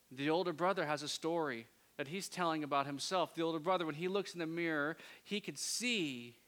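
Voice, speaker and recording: A man delivers a sermon, shifting between hushed, intimate passages and loud, impassioned pleading. His voice is a little high.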